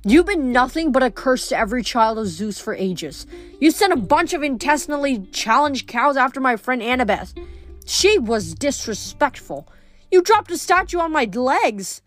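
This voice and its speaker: A woman's voice: sits high, very animated, moderate pace, voice pushed up. A fierce, bitter teenage girl, as a woman reads her lines snaps out accusations. Her voice sits in an ordinary middle range. Faint music runs behind. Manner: snapping, emotional.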